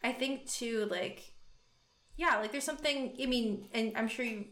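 A woman's voice: on the high side, normal speed, fairly bright tone. A young woman co-hosting a podcast, chatting casually and rambling, with many fillers and restarts. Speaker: podcast co-host. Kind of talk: casual chat. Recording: roomy echo.

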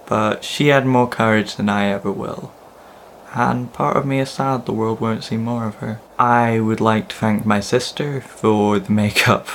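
A man's voice: lowish voice, a little hiss or hum. A young adult man, speaking earnestly in a personal coming-out video, with casual swearing. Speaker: vlogger.

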